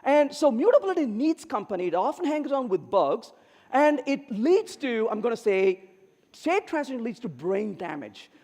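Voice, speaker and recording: With an extremely high pitch and a moderate pace, a middle-aged man delivers a humorous keynote in a large conference hall whose recording is reverberant. He's animated, narrating stories and acting out his characters' quoted lines.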